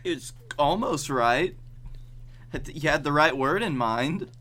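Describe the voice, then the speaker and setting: Dry-witted man with a bright voice. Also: a little high, animated, measured pace. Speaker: podcast co-host. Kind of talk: casual comedic banter.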